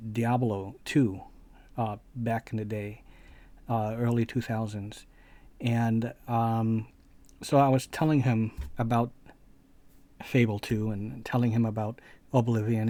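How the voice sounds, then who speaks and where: A man's voice: fairly low pitch, dark tone. A man hosting a gaming video channel, telling a rambling personal anecdote in casual commentary. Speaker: let's play channel host.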